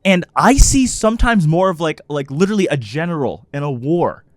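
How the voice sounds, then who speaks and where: A man co-hosting a podcast, his voice climbing and dropping all over the place as he riffs and laughs. He talks with a touch of higher pitch and an emphatic, preaching edge. The sound is dry and close. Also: expressive, fairly quick, no echo. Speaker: podcast co-host. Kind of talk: casual podcast chat.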